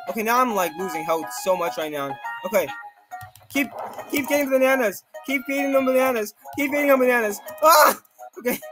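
Jittery high-voiced male game commentator. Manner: jittery and excitable, constant nervous exclamations; talks to himself and to viewers. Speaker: gaming video creator. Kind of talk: live gameplay commentary.

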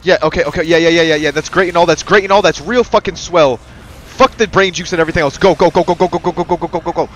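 A man giving let's-play commentary, excitable and profane, yelling at the game and talking to his in-game partner like a buddy. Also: a little high, fast talker, a little hiss or hum. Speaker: gaming channel host.

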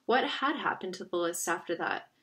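A woman reading a novel aloud in a steady narrating voice. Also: fairly low pitch, moderate pace. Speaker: audiobook reader.

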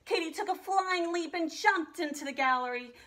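A woman art teacher reading a children's picture book aloud with an expressive, animated delivery. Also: extremely high pitch, normal speed. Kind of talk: storybook read-aloud.

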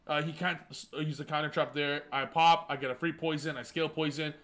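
A man's voice: a little high, fairly even intonation, a little fast, fairly bright tone. Hyped, boastful man commentating card game replays. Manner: hyped, boastful trash talk with self-mocking jokes. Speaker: gaming channel host.

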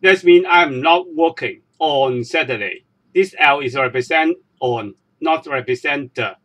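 Slow, careful man teaching a lesson. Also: on the high side, fairly bright tone, poor audio. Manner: slow, careful, repeats words one by one. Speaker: language teacher. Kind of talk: slow step-by-step language lesson.

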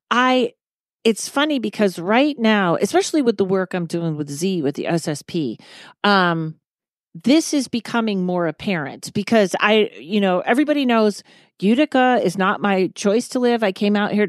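A woman's voice: mid-range voice, dry recording. A woman hosting a podcast talks in a casual, reflective way, thinking aloud with many fillers. Her voice sits in a middle range and is recorded dry and close. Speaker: podcast host. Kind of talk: casual interview chat.

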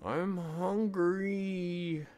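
A man's voice: high voice, steady tone, very slow, a little mellow, pitched above the performer's own voice. A man voicing a whiny little boy who only wants ice cream, reading a children's storybook aloud.

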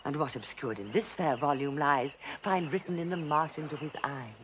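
An actress playing a stately, commanding noble mother in a classical drama, declaiming in measured verse. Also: low-pitched, a bit bright, slight background noise.

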